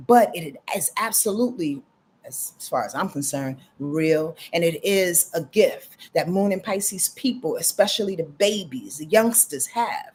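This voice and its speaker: A woman's voice: lowish voice, animated, unhurried, a little mellow, a little hiss or hum. A woman astrologer giving casual live readings, talking straight to her viewers with lots of "y'all" and "you dig?".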